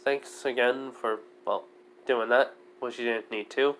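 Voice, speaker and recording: A man voicing a calm, blunt young swordswoman who speaks plainly and matter-of-factly. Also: medium pitch, measured pace, natural voice.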